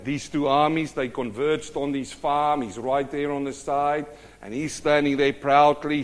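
Brief: a male preacher with a fairly high voice delivering a lively storytelling sermon. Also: a little slow.

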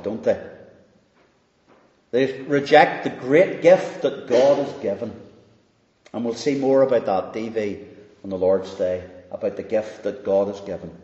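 A man preaching a sermon, slow and emphatic, swinging from loud rises down to hushed, quiet lines. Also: fairly low pitch. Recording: dull, echoey hall recording.

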